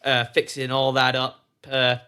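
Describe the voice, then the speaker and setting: A man on a podcast, chatting quickly and with amusement about a game weekend. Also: mid-range voice, completely flat delivery, bright, forceful tone, clean tone. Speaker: podcast co-host. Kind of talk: casual chat recounting a larp weekend.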